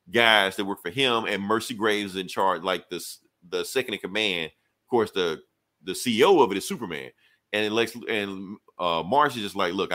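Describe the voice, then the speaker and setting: Retelling a comic plot on the podcast he co-hosts to review comics, a young man speaks in a slightly low voice that still sounds bright and forceful. His storytelling is animated and casually profane, with rapid quoted lines for every character.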